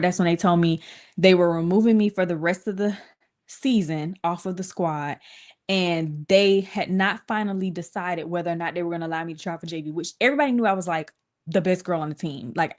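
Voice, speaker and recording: A young woman, telling viewers a story in a casual stream and acting out quoted voices. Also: fairly low pitch. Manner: animated, acts out quoted voices with cursing.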